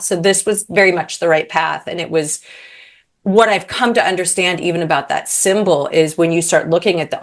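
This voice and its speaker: A woman in her thirties, appearing as a podcast guest, tells a story in casual chat, acting out quotes and using many fillers. Her voice is on the low side.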